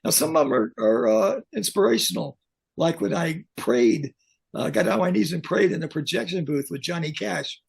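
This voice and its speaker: An older man with a gravelly, husky voice sitting a little higher than most men. He tells his tales bluntly and with humor, as a guest on a video-call interview. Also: normal speed. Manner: blunt, joking, animated anecdotes. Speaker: guest, pyrotechnics technician. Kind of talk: casual storytelling interview.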